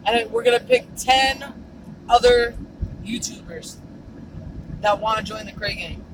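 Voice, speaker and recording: A woman's voice: a little high, measured pace, noisy background. A woman vlogging in a car and at dumpsters, chatting casually and telling a story in fits of giggles. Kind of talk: casual vlog chat.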